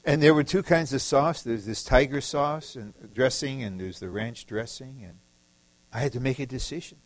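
A man's voice: medium pitch, moderate pace, dry recording, low-quality recording. A man from the Detroit area preaching a sermon, emphatic and repetitive, acting out short quoted lines. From Detroit area, USA.

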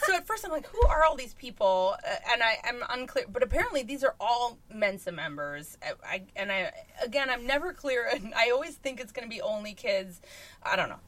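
A woman tells a comic story in loose podcast chat, exasperated and swearing freely as she laughs through it. Her voice sits a little high. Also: lively intonation, fairly quick, fairly bright tone. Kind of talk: casual comedic storytelling.

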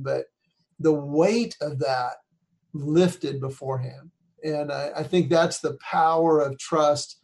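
A man with a slightly higher voice tells a heartfelt story. He is earnest and conversational and acts out the people he quotes. He grows quieter and softer in the emotional parts. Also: gravelly. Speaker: speaker. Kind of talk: storytelling talk.

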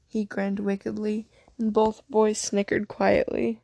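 A woman narrating a fan fiction story aloud in a steady, unhurried way. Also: medium pitch, creaky, no echo.

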